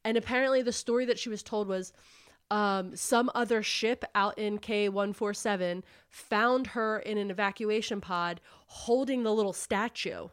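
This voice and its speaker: A woman's voice: mid-range voice, normal speed, clean tone. A woman hosting a book club podcast, casually retelling a novel's plot and acting out the characters' lines. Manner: animated storyteller acting out quotes, says "like" often.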